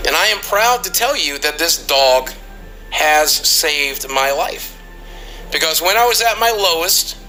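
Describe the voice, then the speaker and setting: Intense, sharp-voiced man confessing. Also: on the high side, low-quality recording. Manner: earnest, pleading, intense. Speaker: YouTuber in a played clip. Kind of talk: emotional confessional talk. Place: studio.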